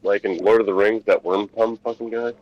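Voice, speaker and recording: A man playing in a tabletop game, cutting in with loud, crude jokes. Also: lowish voice, steady tone, a little fast, highs cut off. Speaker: player. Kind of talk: casual tabletop game chat.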